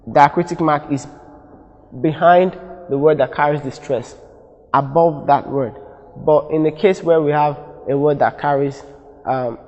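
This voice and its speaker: A Nigerian-accented man leads exam preparation at a careful pace, drilling example words through repetition and fixing his own slips. The voice is slightly high with a darkish tone, sounding like a big room on a poor recording.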